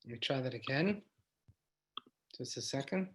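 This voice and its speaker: A man's voice: medium pitch, expressive, normal speed. A man, a rabbi, giving an inspirational lecture, reflective and repeating key lines for emphasis.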